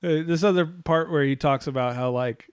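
A man's voice: fairly high pitch, normal speed, clear, resonant tone. A man hosting a casual podcast, rambling and swearing as he reacts to clips, laughing often. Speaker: podcast host.

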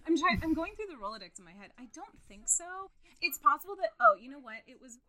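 Bright, giggly woman chatting. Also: sits high, fast. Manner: giggly, animated storytelling. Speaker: author guest. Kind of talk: casual podcast chat.

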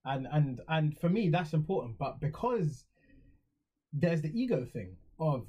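Husky English man musing on a podcast. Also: on the high side, big pitch swings, a little slow, warm tone. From England. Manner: reflective, rambling with many fillers and restarts. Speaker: podcast co-host. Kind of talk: casual podcast chat.

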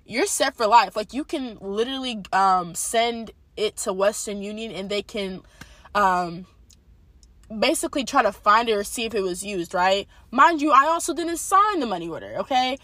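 A young woman telling a personal faith testimony in a casual, animated storytelling way, talking straight to her viewers. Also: medium pitch, moderate pace, no room sound. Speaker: testimony speaker.

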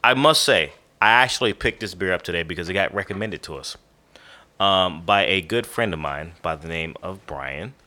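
A man co-hosting a casual beer-and-cigar podcast, talking in a relaxed, rambling way with lots of fillers, sounding tired and yawning at times as he reads tasting notes. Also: deep voice, normal speed. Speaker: podcast co-host.

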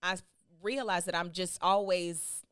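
A woman's voice: on the low side, fairly even intonation, measured pace, fairly bright tone, clear, resonant tone, dry recording. A woman co-hosting a podcast in casual chat, candid and blunt. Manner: candid, blunt, laid-back. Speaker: podcast co-host.

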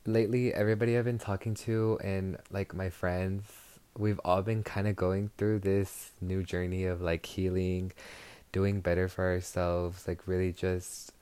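A man's voice: low voice, mellow, clean tone, no room sound. A young adult man hosting his own podcast in a casual, chatty way, gushing and filling his talk with "like" and "girl". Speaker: podcast host.

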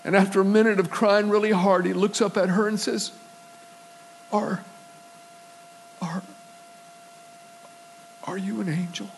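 Guy preaching a sermon, high voice, tells stories and does the voices, goes loud and emphatic, faint hum behind. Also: flat delivery, unhurried, pauses often, rough recording. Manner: storytelling, acts out quoted voices, swells to emphatic preaching. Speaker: pastor.

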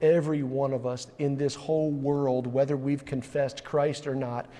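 A man's voice: medium pitch, level tone, moderate pace, dark tone. A man preaching a sermon in a church, earnest, building to urgent emphasis, with frequent restarts. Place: church sanctuary. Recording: long hall reverb.

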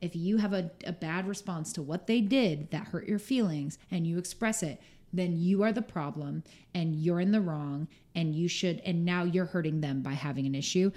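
A woman's voice: on the low side, normal speed, warm tone. Chatty woman, lots of "like". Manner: chatty, full of "like", acts out quoted speech. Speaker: podcast guest. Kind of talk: casual conversational interview.

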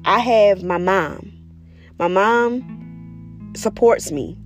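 A woman speaking candidly about her spiritual practice in a casual personal monologue, profane and animated as she tells stories. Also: mid-range voice, extremely slow, faint music behind. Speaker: spiritual vlogger.

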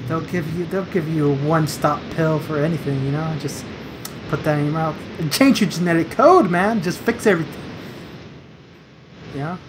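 A man's voice: a little high, normal speed. A man in casual chat, rambling and playfully quizzing the other person with trivia facts. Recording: noisy background hiss.

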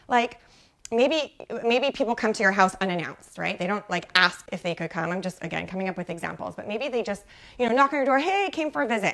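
Her mid-range voice is fairly bright with some vocal fry as this mom life coach hosts a live show for mothers. Chatty throughout, she greets viewers by name, often asks "right?" and leans heavily on "like".

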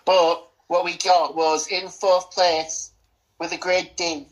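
A young woman co-hosting a relaxed film-review podcast, her voice sitting a little low. She talks in playful, theatrical boasts with casual swearing, drawing out her announcements. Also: slow, lo-fi sound. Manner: theatrical, gloating banter, swears freely. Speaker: podcast co-host.

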